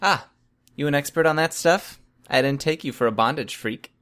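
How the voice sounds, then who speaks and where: A man's voice: on the high side, moderate pace, a bit bright, smooth, pitched above the performer's own voice, close to an everyday voice. A man voicing a lazy, mocking teenage girl who teases the others. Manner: teasing, mocking.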